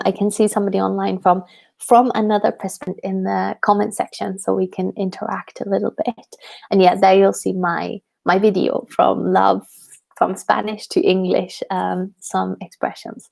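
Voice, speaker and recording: Chatty Welsh woman with gravelly fry. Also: mid-range voice, flat delivery, moderate pace, darkish tone. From Wales. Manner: chatty, laughs often, many ums. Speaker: English teacher and channel host. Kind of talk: live question-and-answer chat.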